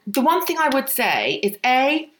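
A woman's voice: sits high, a little slow. A woman co-hosting a podcast, telling rambling stories in casual chat and laughing often. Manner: animated, rambling storyteller with frequent laughs. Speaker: podcast co-host.

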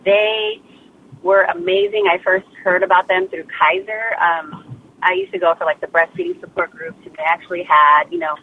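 Woman guest, casual and warm-hearted talker, lots of fillers, heard over a tinny phone line. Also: on the low side, slight background noise. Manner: chatty, heartfelt, lots of "you know" and "like". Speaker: guest mother sharing birth story.

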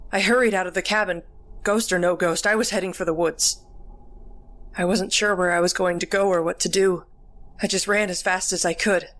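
A woman narrating a first-person horror story in a steady, measured storytelling manner. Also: fairly low pitch.

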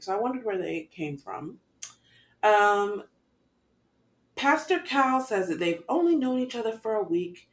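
A woman co-hosting a casual recap chat, giving expressive and exasperated commentary. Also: medium pitch. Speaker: podcast co-host.

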